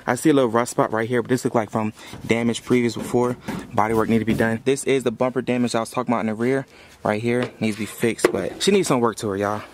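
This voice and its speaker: A young man, talking fast and casually to the camera as a truck vlogger. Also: mid-range voice, fairly even intonation, noisy background. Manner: fast-talking, says y'all a lot. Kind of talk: casual vlog talk to camera.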